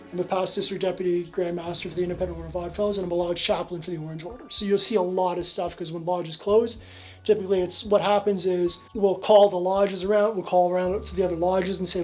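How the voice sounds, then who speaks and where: A man's voice: high voice, a little mellow, poor audio. Rambling man giving a tour. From Canada. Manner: rambling, lots of "like" and restarts. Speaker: museum owner giving a tour. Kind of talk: casual storytelling tour.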